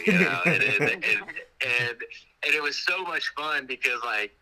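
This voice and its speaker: A man's voice: mid-range voice, lively intonation, normal speed, crowd noise, poor audio. A man in casual interview talk, telling rambling stories with many restarts. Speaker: actor guest.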